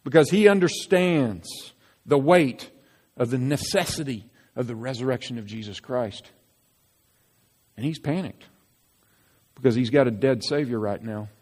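A man preaching a sermon as pastor, emphatic and animated, acting out quoted lines. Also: mid-range voice, unhurried, pauses often. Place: church sanctuary. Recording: long reverb of a church hall.

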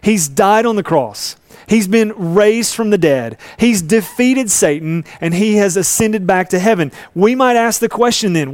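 A man's voice: high-pitched, expressive, unhurried, darkish tone, no room sound. A man preaching a sermon, earnest and storytelling, acting out voices in a Bible story. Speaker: pastor.

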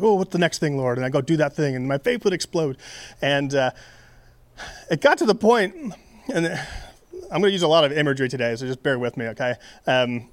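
A man's voice: medium pitch, dry recording. A young man giving a casual, conversational sermon, with many fillers and restarts. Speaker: preacher.

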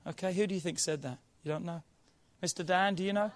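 Preaching with a strikingly high voice and a non-local accent, a pastor begins playfully, quizzing his congregation in a punchy, conversational way. Slow scripture reading follows, and his sermon swells with mounting emphasis into emphatic calls.

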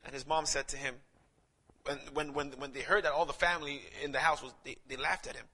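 Pastor from Saint Lucia, high ringing voice, preaches hard then tells stories soft. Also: male voice, steady tone, a little fast. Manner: impassioned preaching that swells to near-shouts, then drops soft for storytelling. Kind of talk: sermon with personal storytelling.

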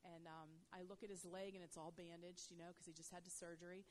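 A woman telling a faith testimony as a guest, in a conversational style full of "you know", rising loud and high when excited. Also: fast talker, slight background noise. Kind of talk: animated faith testimony storytelling.

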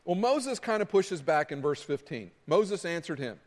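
A male pastor preaching a sermon as relaxed, lively storytelling with acted asides. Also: fairly high pitch, normal speed, hardly any pauses, in a large hall.

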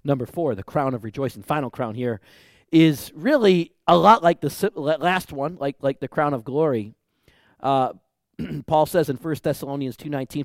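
High-voiced pastor, emphatic sermon. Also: male voice, normal speed, no room sound, clean studio sound. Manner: builds from quiet asides to loud, emphatic exhortation; repetitive, rhythmic preaching with rhetorical questions.

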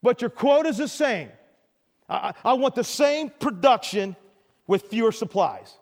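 A man's voice: very high-pitched, animated, a little slow, long reverb tail. A man voicing a proud, sarcastic Egyptian king who mocks and stammers in a sermon retelling. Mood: mocking. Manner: mocking and stammering.

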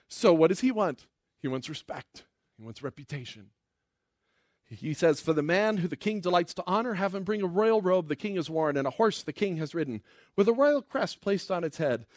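Animated high-voiced man preaching. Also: no echo, clean studio sound. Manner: playful, acts out the characters in quick asides. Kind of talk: animated sermon retelling a Bible story.

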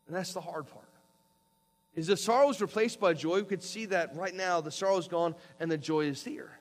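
A man's voice: high-pitched, brisk. A man preaching a sermon, reading scripture aloud and walking listeners through the verses in an earnest, instructive way. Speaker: pastor.

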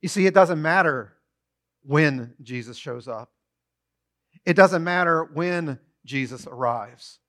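Bright-voiced, animated male preacher. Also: a little high, takes it slowly. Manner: animated storytelling, acting out voices in quotes. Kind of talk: sermon.

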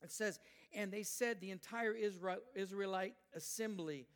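An older man, a grandfather, preaching a sermon; he speaks emphatically, rising loud when voicing people and dropping soft for reflective asides. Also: high-pitched, moderate pace. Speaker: pastor.

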